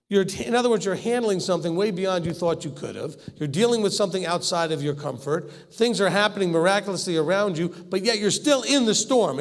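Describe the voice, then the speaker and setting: A man teaching scripture in a conversational way, acting out the quoted lines and often laughing. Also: sits high. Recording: long hall reverb.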